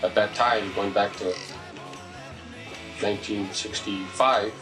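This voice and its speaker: A man remembering an old friend, speaking in a measured way. His voice is very low. Music plays clearly behind him, and he sounds distant. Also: fairly even intonation. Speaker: interviewee, friend. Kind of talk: reminiscing.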